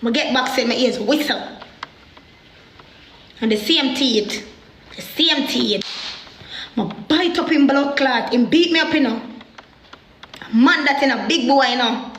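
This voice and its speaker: Jamaican woman, young adult, heated storytelling, high voice, roomy echo. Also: a little slow, pauses often, slight background noise. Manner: animated, heated, in patois. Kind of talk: emotional personal storytelling.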